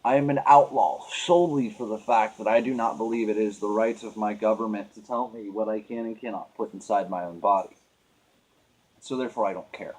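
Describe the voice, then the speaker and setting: A man's voice: on the low side, steady tone, a little mellow. Rambling, earnest man venting. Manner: rambling and earnest, with halting restarts. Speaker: vlogger. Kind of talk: casual venting monologue.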